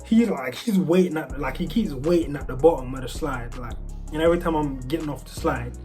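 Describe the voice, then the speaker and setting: A man's voice: on the high side, fairly quick, mellow, faint music behind. Rambling British man telling a story. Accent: British English with American traces. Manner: rambling, full of restarts and "like" fillers. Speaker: storyteller vlogger. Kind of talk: casual storytelling.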